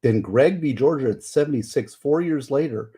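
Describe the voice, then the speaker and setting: A man's voice: mid-range voice, moderate pace, mellow, husky. A middle-aged man hosting a casual livestream, rambling and emotional as he explains law. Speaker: livestream host.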